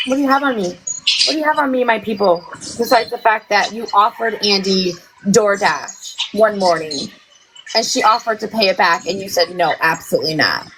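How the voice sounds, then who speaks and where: Woman, livestream commentator, sassy, profane, mid-pitched, faint clicks behind. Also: moderate pace, background noise. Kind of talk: casual drama commentary.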